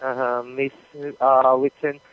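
A man's voice: medium pitch, flat delivery, unhurried. A man working as a customer service supervisor, speaking politely and patiently with hesitant fillers. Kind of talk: customer service phone call. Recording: tinny dry phone line.

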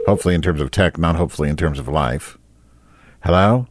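A man's voice: sits low, brisk, heavy background noise. A man hosting a live online talk show alone at his mic, rambling, teasing and crude. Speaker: host. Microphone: desk microphone.

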